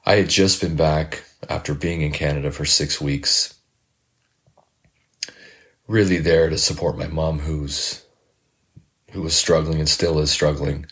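A middle-aged man, a podcast host and life coach, reflecting in a halting, heartfelt monologue that often repeats words. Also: rumbling low, steady tone, fairly bright tone.

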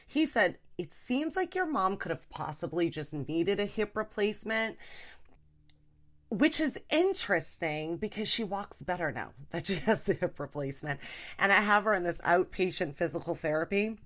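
A woman hosting a podcast, ranting about family life in a casual comedic way and slipping into a high, mimicking voice. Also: normal speed. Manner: animated, mimics her mother in a high voice. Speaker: podcast host.

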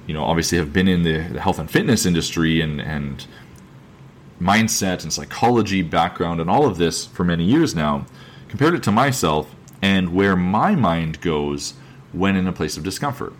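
A man hosting a podcast who talks alone in an earnest, thoughtful way. He often repeats phrases, restarts his sentences and slows down to stress a point. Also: low-pitched, animated, slight background noise. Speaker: podcast host, fitness coach. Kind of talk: reflective solo podcast monologue.

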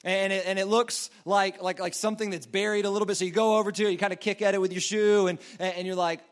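A man's voice: high-pitched, fairly even intonation, fast talker, hardly any pauses. A man preaching a sermon in a casual, rambling storytelling way, full of fillers and restarts. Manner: acts out quoted voices in a story.

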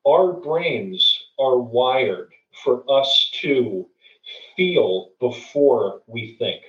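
Speaking extremely slowly in a mid-range, fairly bright, animated voice, a middle-aged male guest earnestly tells a story and gives advice, frequently restarting and repeating himself. The recording sounds dull, distant, and roomy.

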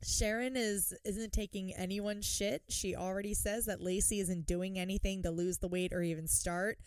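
A woman co-hosting a podcast, chatting casually and swearing freely as she recaps a TV episode with animated retellings. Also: medium pitch, normal speed, clean tone, no room sound. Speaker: podcast co-host. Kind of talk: casual chat recapping a TV show.

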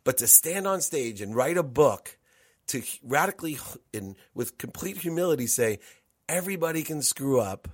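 A man's voice: mid-range voice, animated, moderate pace, breathy edge, no echo, clean studio sound. A middle-aged man, a podcast guest, telling his story candidly and emphatically, repeating words and restarting sentences. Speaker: podcast guest, entrepreneur and coach. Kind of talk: candid personal storytelling in conversation.

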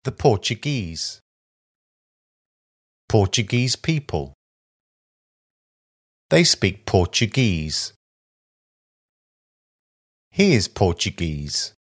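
A man reading a vocabulary list aloud as a language teacher, with slow, deliberate enunciation of single words and short sentences. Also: deep voice, sing-song.

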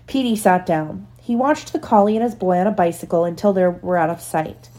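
A mother reads a children's picture book aloud to her little one. Her voice is mellow and soft-edged, telling the story gently with easy, casual asides. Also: fairly low pitch, fairly quick. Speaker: parent reading to her child. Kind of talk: bedtime read-aloud.

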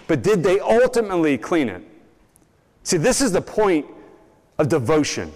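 A young man delivers a sermon in a voice pitched a little high. He tells stories with energy and slips into the voices of the people he quotes. His words ring out with a long reverb, as in a large hall. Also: normal speed. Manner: animated storytelling, acts out quoted voices. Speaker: preacher.

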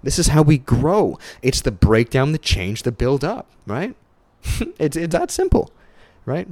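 A young man hosts a solo podcast, giving a casual, swearing, motivational monologue. He stumbles and restarts, and his pitch swings up high when he gets excited. He speaks a little slowly, and the recording is dry.

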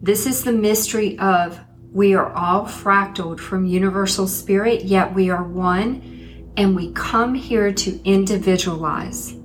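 Middle-aged woman, spiritual teacher, earnest storyteller who slows down for emphasis, mid-pitched voice. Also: slight background noise. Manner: earnest, slows down to stress key points. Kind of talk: personal storytelling monologue.

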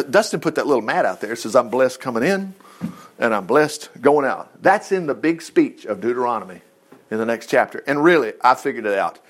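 A man leading an informal Bible study, reading scripture aloud, joking and acting out the quotes in a folksy way. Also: medium pitch.

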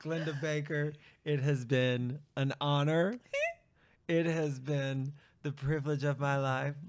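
A man hosting a podcast in casual chat, playful and quick to laugh, with a gravelly voice. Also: fairly high pitch, fairly even intonation. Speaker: podcast host.

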